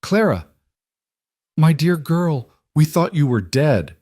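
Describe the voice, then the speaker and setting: A bitter, desperate middle-aged aunt as a man puts her on, emotional and cutting in a narrated western. Her pitch rides up from his natural voice. The recording is dry and close. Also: big pitch swings, takes it slowly, a little mellow, dry recording, heavily acted.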